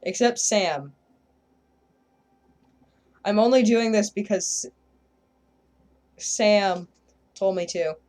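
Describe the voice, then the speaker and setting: A woman's voice: medium pitch, extremely slow, long pauses, a little mellow. A woman giving casual, rambling gameplay commentary, joking and self-deprecating as she plays. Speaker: gameplay video creator.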